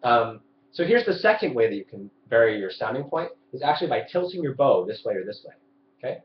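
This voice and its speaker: A young man runs a live violin lesson from a room at home, explaining points and quizzing his viewers. He talks at a mid pitch. His webcam mic gives the audio a dull tone and a roomy echo with faint background noise. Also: sing-song, fast talker. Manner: explains and demonstrates, asks viewers questions. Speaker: violin teacher.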